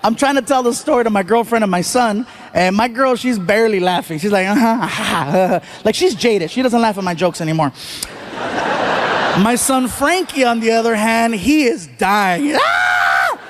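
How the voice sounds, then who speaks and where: A man with a strikingly high voice tells a long story onstage as a stand-up comedian, animated and quick to act out other voices. A live audience is heard around him in a noisy stage recording. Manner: animated, acts out other people's voices, shouts punchlines. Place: large theater stage before a live audience.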